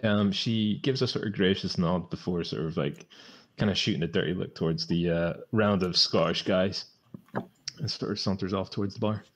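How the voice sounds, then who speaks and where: A man taking part in a tabletop role-play who talks haltingly, full of fillers. His voice is low and husky. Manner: hesitant, many fillers, plays a woman. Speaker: player.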